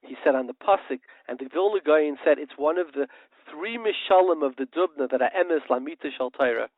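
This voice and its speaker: A man with a high-pitched voice delivers a passionate, sermon-like monologue as a radio host. He keeps asking rhetorical questions and slips into parables. The sound is thin and tinny, like a phone line, and very dry. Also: a little fast, no echo.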